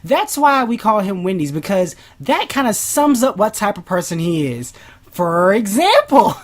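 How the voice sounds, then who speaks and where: An animated woman on a podcast, her pitch leaping up and down as she tells a story. She acts out the quoted lines in high put-on voices and laughs often, talking in a loose, casual way. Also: normal speed. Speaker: podcast co-host. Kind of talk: casual chat.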